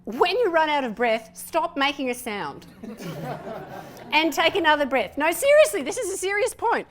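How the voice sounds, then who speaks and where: A slightly high-voiced woman running a group voice workshop. She is lively and playful, and she counts breaths slowly while cueing every step of the exercise. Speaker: voice workshop presenter. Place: room with a participating group.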